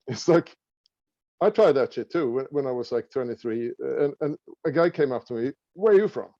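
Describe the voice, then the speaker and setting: A middle-aged man from Sweden with a Swedish accent, talking casually as an interview guest, halting with many fillers and restarts. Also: medium pitch, mellow, dry recording, lo-fi sound. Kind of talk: casual conversation.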